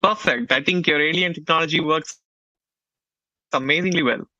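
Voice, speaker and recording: Male guest coach, upbeat, sharp bright tone, muffled dry call audio. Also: a little high, normal speed, no echo. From India. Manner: friendly, brief, upbeat replies. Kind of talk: casual interview chat.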